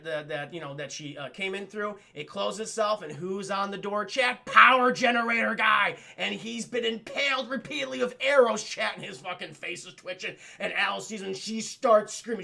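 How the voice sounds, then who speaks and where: A male streamer and film reviewer casually recapping a film, animated and profane, constantly addressing his chat. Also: high voice, creaky.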